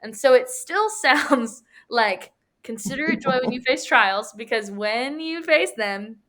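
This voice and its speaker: A woman's voice: high voice, animated, measured pace, bright, forceful tone. A woman leads a Bible study in a conversational, storytelling way. She acts out the people she quotes and laughs along as she goes.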